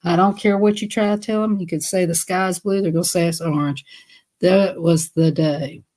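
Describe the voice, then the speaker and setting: A woman's voice: on the low side, fairly even intonation, moderate pace, a little mellow. Chatty woman telling stories. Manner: chatty, laughs often, acts out voices. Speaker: live stream host. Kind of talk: casual storytelling.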